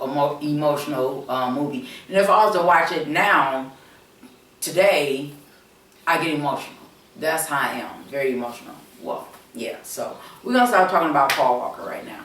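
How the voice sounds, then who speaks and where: Woman host, slow unhurried rambling chat to viewers, recorded off-mic in a roomy space. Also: sits low, fairly bright tone, recorded from a distance. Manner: rambling, repetitive, many fillers, addresses viewers directly. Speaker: channel host. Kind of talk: casual storytelling chat. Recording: roomy echo, speaking away from the mic.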